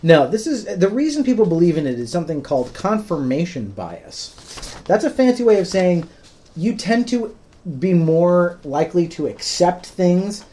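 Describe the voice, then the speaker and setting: A man's voice: high-pitched, big pitch swings, normal speed, mellow. A man hosting a podcast, patiently explaining things in plain words with frequent ums. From United States. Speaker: podcast host. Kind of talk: casual explanatory podcast talk.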